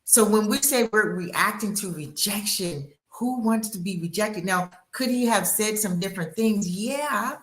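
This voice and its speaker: A woman's voice: mid-range voice, lively intonation, a little slow, hardly any pauses. A woman on a discussion panel who talks in a colloquial, playful way and acts out quotes. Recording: echoey room.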